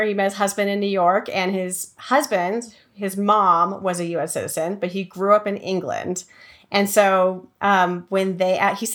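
A woman hosting a podcast, talking casually with lots of fillers and quick restarts. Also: mid-range voice, a bit bright. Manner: chatty, many fillers and restarts. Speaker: podcast host.

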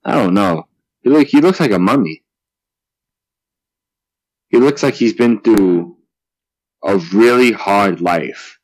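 A man's voice: fairly low pitch, expressive, takes it slowly, pauses often, darkish tone, no echo, rough recording. A man in casual chat, easygoing, asking questions and thinking aloud. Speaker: podcast co-host.

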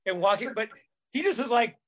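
A man's voice: very high-pitched, expressive, fairly quick. A man co-hosting a comedy podcast, telling rambling anecdotes and laughing through them. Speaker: comedian co-host. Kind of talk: casual podcast storytelling.

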